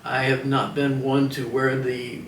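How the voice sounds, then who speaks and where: Gravelly older man, hesitant and reflective. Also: medium pitch, monotone, measured pace, slight background noise. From Washington, DC, United States. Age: 70s. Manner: hesitant, reflective, many fillers and restarts. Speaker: veteran interviewee. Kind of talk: oral history interview. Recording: roomy sound from a distant mic.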